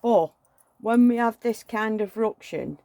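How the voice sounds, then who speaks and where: A woman's voice: a little high, animated, measured pace, creaky, dark tone, dry recording. A middle-aged woman, chatting and venting emotionally while dressing a doll at home. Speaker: doll collector vlogger.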